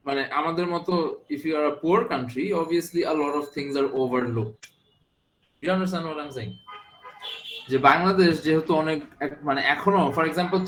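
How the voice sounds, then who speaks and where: Fast-talking Bangladeshi lecturer in an echoey room. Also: male voice, mid-range voice. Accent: Bangladeshi English. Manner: switches between English and Bengali, asks students rhetorical questions. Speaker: university lecturer. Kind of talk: classroom lecture. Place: classroom.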